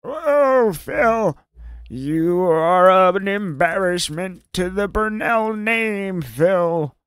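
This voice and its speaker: A man putting on the voice of a reproachful old woman, shouting mock scolding. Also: high-pitched, lively intonation, extremely slow, clear, resonant tone, no echo, studio quality, pitched above the performer's own voice, heavily acted.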